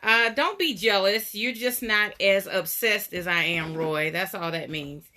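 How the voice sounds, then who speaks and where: Slightly breathless, the host of a weekly doll live stream chats casually from the doll room in her home, greeting viewers by name over a phone live stream. She speaks at medium pitch, a little slowly, with a bright, forceful tone and slight background noise.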